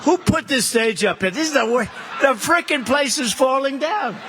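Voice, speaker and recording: A political candidate with a very high-pitched, lively voice speaks at normal speed from a stage at a political event, with a noisy background. His off-the-cuff rally speech into the podium microphone is rambling, boastful and repetitive, mocking his rivals.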